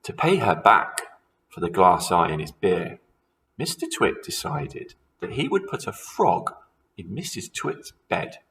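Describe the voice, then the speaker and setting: Teacher, male, slow and animated story reader, lowish voice. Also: vocal fry, low-quality recording. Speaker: primary school teacher. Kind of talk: reading a story aloud to children.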